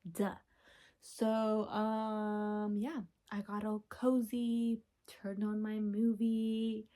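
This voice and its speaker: A young woman hosting a podcast, chatting casually from home, gushing and chatty with sudden whispers and excited squeals. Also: medium pitch, extremely slow. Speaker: podcast host. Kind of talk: casual chat.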